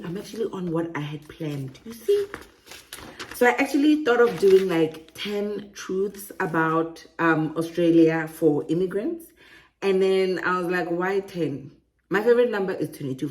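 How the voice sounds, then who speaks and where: Chatty woman, lowish voice. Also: a little mellow. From South Africa. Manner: chatty and digressive, laughs often at her own asides. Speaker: relocation vlogger. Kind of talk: casual to-camera monologue.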